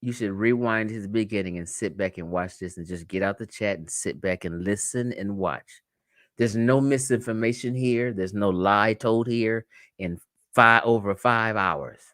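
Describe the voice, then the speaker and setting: A man's voice: on the low side, normal speed, fairly bright tone, no room sound, clean studio sound. A man from the United States hosting a livestream, talking casually and profanely to his viewers, telling stories and laughing often. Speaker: livestream host.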